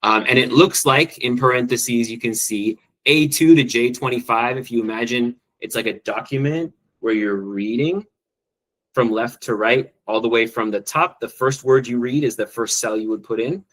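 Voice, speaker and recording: A man teacher presenting an online spreadsheet training, quick and enthusiastic, with frequent ums and restarts. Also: mid-range voice, fairly bright tone, poor audio.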